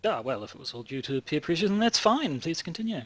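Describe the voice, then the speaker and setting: A man's voice: a little high, sing-song, fast talker. A man co-hosting a podcast over a video call, with wry, teasing banter. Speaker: podcast co-host. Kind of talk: casual chat. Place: home in New Zealand.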